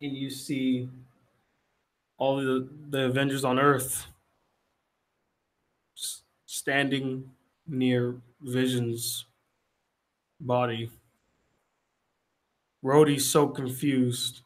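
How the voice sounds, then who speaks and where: A man's voice: mid-range voice, extremely slow, long pauses. A young man, a film critic, casually recapping a movie scene by scene and acting out the characters' lines. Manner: animated retelling with acted-out quotes.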